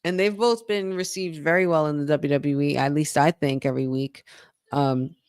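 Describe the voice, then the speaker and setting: A woman's voice: low-pitched, fairly even intonation, normal speed, a little mellow, smooth, dry recording, studio quality. A woman co-hosting a wrestling podcast, chatting casually during a live watch-along, reacting aloud and reading viewer comments.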